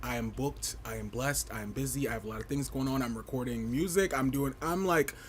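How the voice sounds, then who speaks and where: A man hosting a casual livestream fashion review, campy, playful and outspoken, with big swoops in pitch and frequent laughter. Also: fairly quick, slight background noise. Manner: sassy and outspoken.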